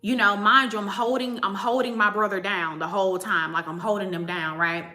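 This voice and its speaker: Hosting a spiritual channel, this woman speaks at a medium pitch with a steady, brisk and sharp tone. Her personal story comes out chatty and emphatic, aimed straight at her audience, in an echoey space.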